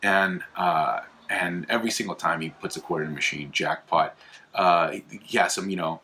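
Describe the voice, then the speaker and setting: A young man with a lowish but bright, forward voice talks casually to his viewers. He rambles, stops and restarts often, and fills the gaps with "uh" and "um". He gets animated when he retells a story. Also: normal speed, slight background noise. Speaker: host of an apologetics video channel. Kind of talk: casual explainer monologue.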